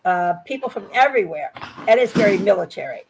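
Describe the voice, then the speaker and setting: A woman's voice: mid-range voice, sing-song, quick pace, creaky, background noise. A woman in her sixties from Virginia, with an American accent, chatting as an English tutor on a video call and often repeating words as she starts. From Virginia, United States. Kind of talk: casual conversation lesson.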